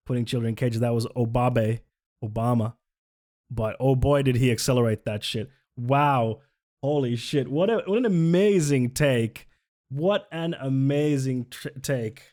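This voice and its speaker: A man's voice: medium pitch, lively intonation, a little slow, darkish tone. A man streaming live, reacting to news clips in a casual, sarcastic, exasperated way, swearing and laughing often. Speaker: livestreamer.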